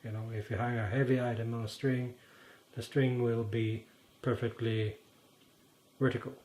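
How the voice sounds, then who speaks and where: A man with a Norwegian accent, a native Norwegian speaker, explaining an idea to camera in a halting way and often pausing to search for words. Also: medium pitch, flat delivery, darkish tone. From Norway. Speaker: channel host. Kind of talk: casual explanatory monologue. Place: in front of a green screen.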